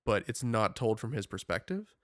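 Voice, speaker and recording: Rambling, animated young man. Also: fairly low pitch, moderate pace, no room sound, clean studio sound. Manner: rambling, animated, many "like" fillers. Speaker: podcast co-host. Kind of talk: casual chat.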